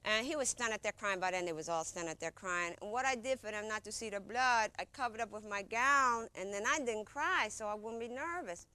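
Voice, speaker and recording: Bright, dry-voiced woman telling a story. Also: medium pitch, brisk, hardly any pauses, dry recording. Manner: informal, repeats herself, acts out what others said. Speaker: storyteller recounting a personal experience. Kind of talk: conversational personal storytelling.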